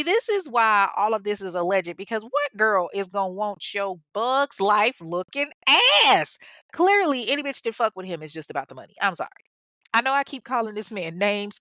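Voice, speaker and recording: A woman's voice: medium pitch, fairly bright tone, no room sound, clean studio sound. A young woman retelling a true-crime story in casual talk, blunt and profane, with mocking asides.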